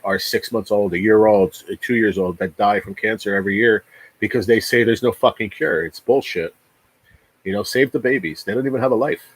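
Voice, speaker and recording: Profane, ranting husky man in his forties. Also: low voice, no echo, rough recording. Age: 40s. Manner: repeats words. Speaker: livestream host. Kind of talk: casual livestream chat.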